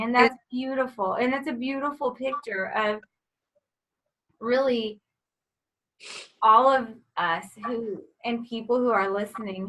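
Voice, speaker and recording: A woman's voice: a little high, sharp tone, rough recording. A woman hosting a faith talk show, speaking in a reflective, affirming way. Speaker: host. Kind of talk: casual conversation.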